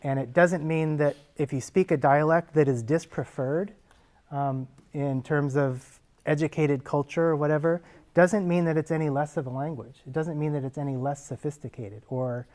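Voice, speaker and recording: A man's voice: fairly high pitch, normal speed, a little mellow. A man, a linguist who explains ideas to a class in a casual, conversational way using everyday examples. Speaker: linguist answering actors' questions.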